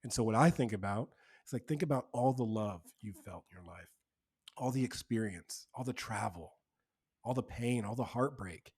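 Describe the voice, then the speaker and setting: A man who is a podcast guest, speaking earnestly in relaxed, slangy casual conversation. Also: on the low side, normal speed, slightly rough. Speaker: podcast guest, men's community co-founder.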